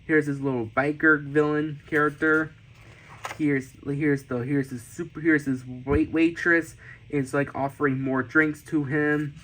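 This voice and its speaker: A man giving a casual tour of his sketchbooks, enthusiastic, often repeating and restarting, with sudden excited squeals. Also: fairly high pitch, measured pace, a little hiss or hum, rough recording. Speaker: artist showing his sketchbooks.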